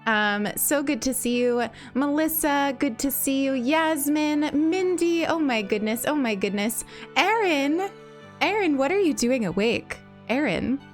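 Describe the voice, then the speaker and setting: High-voiced, bubbly woman streamer. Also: expressive, unhurried, soft background music. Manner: bubbly, repeats phrases, laughs often. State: slight morning cough. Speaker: livestream host. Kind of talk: casual livestream chat greeting viewers.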